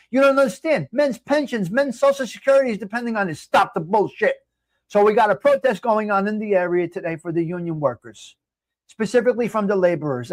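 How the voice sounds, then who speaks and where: A man's voice: high voice, no room sound. A man in a heated, profane livestream rant, hosting his own show. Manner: angry, profane, shouting at times. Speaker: livestream host.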